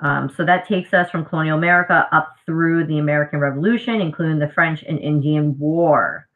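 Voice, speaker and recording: A woman's voice: deep voice, brisk. A woman history teacher with a scratchy throat, giving a casual, conversational live review lesson. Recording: tinny phone-like audio.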